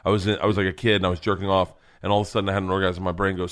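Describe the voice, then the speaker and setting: A man with a low voice chats casually as a podcast guest. He tells profane stories in a rambling way, stammering and restarting often before the punchline lands. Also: little pitch movement, very fast, hardly any pauses, clear, resonant tone. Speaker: comedian guest.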